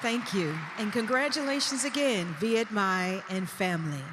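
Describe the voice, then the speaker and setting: A woman emcee reading scripted announcements on stage in a measured, formal way. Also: mid-range voice, a crowd in the background, background noise. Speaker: event emcee. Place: event hall stage. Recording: reverberant hall.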